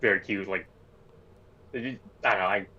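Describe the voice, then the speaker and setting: A man's voice: low-pitched, normal speed, pushed and bright. A young man co-hosting a casual stream chat, talking hesitantly with many fillers and trailing thoughts. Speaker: co-host. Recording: dull lo-fi mic.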